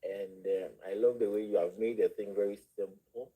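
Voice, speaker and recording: A man with an African accent speaks as a guest in a spiritual discussion. His voice is mellow and slightly husky. He talks haltingly, restarting and repeating words as he feels his way toward each point. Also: lowish voice, fairly even intonation, poor audio. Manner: halting, repeats words while searching for phrasing. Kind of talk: spiritual discussion on a live show.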